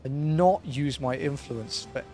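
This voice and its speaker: A relaxed male streamer chats over his gameplay in a mid-pitched, easygoing voice. He swears casually and breaks into chuckles often. Soft game music sits faintly in the background. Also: unhurried. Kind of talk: casual gaming commentary.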